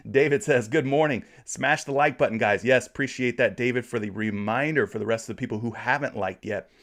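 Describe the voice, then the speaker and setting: A man's voice: medium pitch, brisk, fairly bright tone. Man, 30s, livestream host, casual chat, reading viewer comments, friendly. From Florida, USA. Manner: reads viewer comments aloud, friendly and chatty. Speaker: sports betting livestream host.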